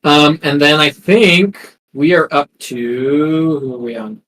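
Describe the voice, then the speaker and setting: Man, game master, hesitant, lots of ums, slightly high pitch. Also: takes it slowly, fairly bright tone, slight background noise, poor audio. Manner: hesitant, many ums and restarts. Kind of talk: narrating a tabletop game.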